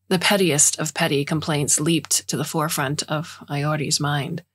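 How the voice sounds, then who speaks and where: A woman narrating a science fiction story in a measured, scripted way. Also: low voice, fairly even intonation, slightly rough.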